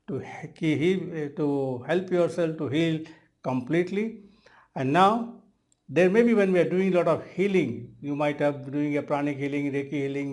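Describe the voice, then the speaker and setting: A man in his sixties with an Indian English accent, a hypnotherapist making an earnest promotional pitch and often calling the listener his friend. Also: a little mellow. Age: 60s. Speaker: hypnotherapist and trainer.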